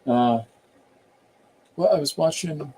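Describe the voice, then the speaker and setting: A Canadian comic artist hosts a live stream, chatting casually as he rambles about accents and reads viewer comments aloud. His male voice is fairly high, slow, dark in tone, and slightly rough.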